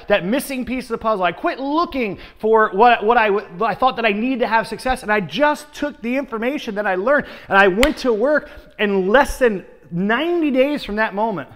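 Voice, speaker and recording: A man, a sales trainer, giving an energetic motivational conference talk, telling stories and calling the audience guys. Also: high-pitched, in a large hall. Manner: energetic storytelling, keeps addressing the audience as guys.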